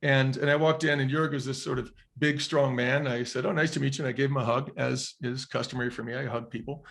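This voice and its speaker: A man's voice: medium pitch, steady tone, quick pace, vocal fry, a bit bright. A middle-aged man, a guest on a podcast, telling a personal story in an earnest, reflective way and acting out the quotes. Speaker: interview guest, former restaurant chain executive.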